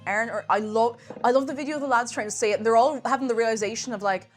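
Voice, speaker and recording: A woman's voice: fairly high pitch, fast talker, faint music behind. A young woman with an Irish accent, chatting casually on a live stream, rambling and laughing often.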